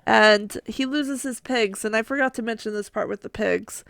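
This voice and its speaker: A woman telling a story in a casual podcast, halting and giggly, with lots of fillers. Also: a little high, vocal fry, fairly bright tone, dry recording, studio quality. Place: home.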